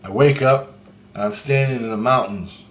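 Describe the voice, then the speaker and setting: A man's voice: medium pitch, normal speed, fairly bright tone. A man telling a rambling first-person account of a vision, profane and awestruck. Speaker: storyteller recounting a vision.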